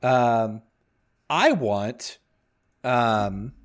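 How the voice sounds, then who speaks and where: A man's voice: mid-range voice, lively intonation, extremely slow. A young man co-hosting a podcast, telling stories in casual chat and working himself into mock-outraged rants. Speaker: podcast co-host.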